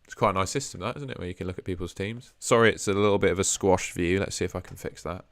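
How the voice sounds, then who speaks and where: A young man talks through a casual live stream, mulling things over aloud as he fiddles with his setup. His voice sits low, and the sound is dry and close to the mic. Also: fast talker, no room sound. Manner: chatty, thinks aloud while fiddling with screens. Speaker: host.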